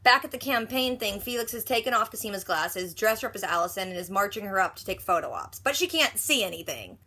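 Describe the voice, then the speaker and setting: A woman casually recapping a TV episode, chatty, acting out the characters' lines in quick quotes. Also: medium pitch, animated, sharp tone, slightly rough. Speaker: reaction video host.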